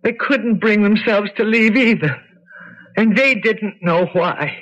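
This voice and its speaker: An actress playing an older landlady in a radio drama, speaking in a slow, measured, confiding way. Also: mid-range voice. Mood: knowing. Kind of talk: 1970s radio drama acting. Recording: dull lo-fi radio broadcast.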